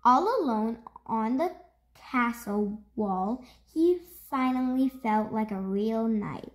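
A woman reads a children's picture book aloud as a storytime host. Her voice sits fairly high and moves about lively, stretching words out at an unhurried pace. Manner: expressive, slow storytelling with drawn-out words.

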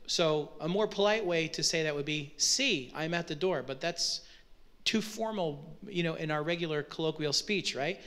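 A pastor with a notably high-pitched, slightly bright voice preaches a sermon, working through scripture verse by verse at a normal speed. He speaks conversationally to the congregation, checking in with rhetorical questions as he explains.

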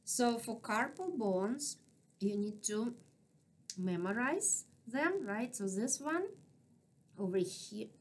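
A woman with a non-native English accent, lecturing on anatomy at an unhurried pace. She names each part slowly and keeps asking if the class is following. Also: fairly high pitch, expressive. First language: not English. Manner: patient, checks in with frequent "right?". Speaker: anatomy instructor.

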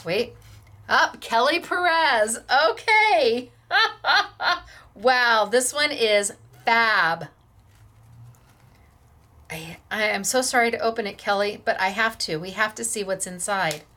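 A woman's voice: a little high, bright, forceful tone. A woman hosting a craft class, gushing with admiration over viewers' handmade projects.

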